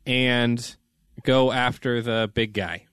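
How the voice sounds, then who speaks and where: A man's voice: medium pitch, fairly even intonation, slow pace, noisy background. A young man playing a tabletop game, eager and chatty, narrating his own actions. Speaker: player.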